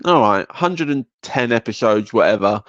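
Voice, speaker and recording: A man's voice: medium pitch, expressive, moderate pace, fairly bright tone, dry recording, lo-fi sound. A man hosting a casual podcast chat, asking lots of curious questions and swearing casually. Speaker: podcast host.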